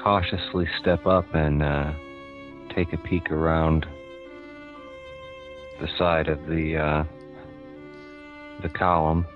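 Deep, hesitant man playing a tabletop game. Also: level tone, takes it slowly, long pauses, phone-quality sound, soft background music. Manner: hesitant, many fillers, wry. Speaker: player. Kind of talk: casual tabletop play.

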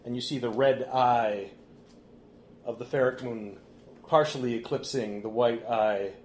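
A man runs a tabletop game, narrating casually with plenty of fillers. His voice has a middle pitch. The room is echoey, and a faint hum sits behind him. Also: fairly even intonation, a little slow. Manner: casual, laughing, hesitant fillers. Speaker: game master.

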